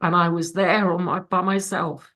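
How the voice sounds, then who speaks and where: A woman's voice: on the low side, level tone, moderate pace, a bit bright. A middle-aged woman giving a candid, emotional recovery share over a video call, swearing freely. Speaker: speaker at a recovery fellowship meeting.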